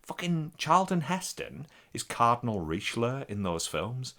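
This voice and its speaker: A man's voice: mid-range voice, big pitch swings, measured pace, sharp tone. A man, co-hosting a podcast in casual, rambling chat full of swearing. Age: 40s. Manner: sweary, rambling, laughs a lot. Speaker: podcast co-host.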